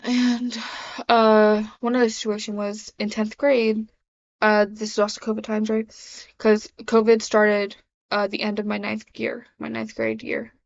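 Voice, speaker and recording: A woman's voice: medium pitch, completely flat delivery, a little slow, gravelly. A young woman talking casually to camera in a confessional vlog, rambling with many fillers and restarts. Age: young adult. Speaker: vlogger. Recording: dull lo-fi sound.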